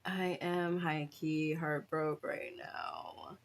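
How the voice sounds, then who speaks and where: A woman's voice: low voice, fairly even intonation, slow pace. A woman vlogging casually to her viewers, dismayed and laughing through her frustration. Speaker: crafting vlogger.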